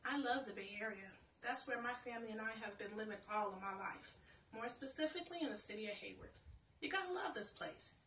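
A woman storyteller, chatty and expressive, reading her own children's story aloud. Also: fairly high pitch, fairly quick, roomy sound, distant mic, slight background noise.

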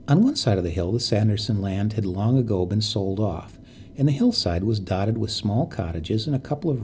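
A man reading a bedtime story in a calm, measured narration. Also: fairly low pitch, a little hiss or hum.

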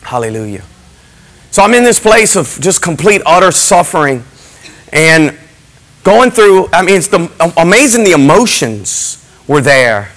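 In a church service, a middle-aged pastor delivers a passionate testimony that builds from hushed emphasis to shouting. His voice runs fairly high with wide swings in pitch, he takes his time, and the recording is rough.

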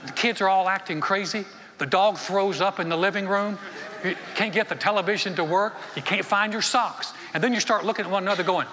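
A senior pastor preaching a sermon in a folksy storytelling way, acting out little dialogues between churchgoers. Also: male voice, high-pitched, a little fast, bright, forceful tone. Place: church auditorium. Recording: long hall reverb.

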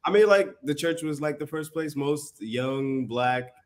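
A man from New Jersey, in his thirties, chatting in an interview about his path as a performer, relaxed and full of stories. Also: unhurried. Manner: relaxed and storytelling, acts out quotes with sudden high voices. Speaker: interview guest, writer and actor. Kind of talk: casual interview chat.

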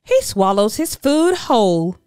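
A woman voicing a confident, cheerful young boy with a bright, upbeat manner in a children's storybook. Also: fairly high pitch, very animated, a little slow, clean tone, no echo, studio quality, soft background music. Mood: proud.

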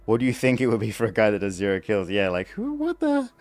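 Chatty low-voiced male game streamer. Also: fast talker, no room sound, soft background music. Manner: chatty, explains things step by step with many restarts. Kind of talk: casual live gameplay commentary.

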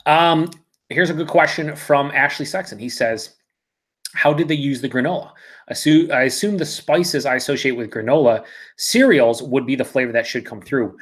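A man's voice: medium pitch, moderate pace, a bit bright. A man hosting a live beer review, talking casually and reading out viewer comments, rambling and correcting himself.

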